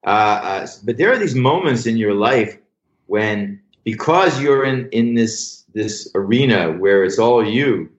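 An older man, a comedy writer as a podcast guest, telling show-business stories in a lively, profane, casual way. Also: lowish voice, unhurried. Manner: animated anecdotal storyteller, swears freely. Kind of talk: casual storytelling interview. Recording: roomy, dull lo-fi sound.

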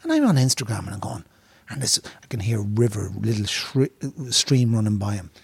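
An Irishman co-hosting a casual podcast chat, telling a story in an excitable, rambling way with plenty of swearing. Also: fairly low pitch, moderate pace, creaky, husky, dry recording. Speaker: podcast co-host. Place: pub.

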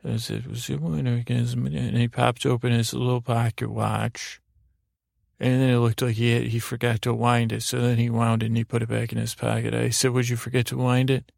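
Male sleep-story narrator, very gravelly, flat delivery, rambling with frequent restarts, dry close mic. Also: mid-range voice, no room sound. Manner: meandering, halting, many restarts and "I said". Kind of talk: rambling improvised bedtime story.

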